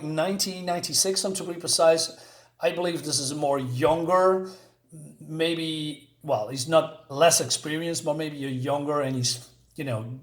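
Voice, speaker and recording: A man casually reviewing a comic book, rambling and hesitant, often searching for words. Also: mid-range voice. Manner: rambling, hesitant, many fillers. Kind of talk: casual comic review, reading panels aloud.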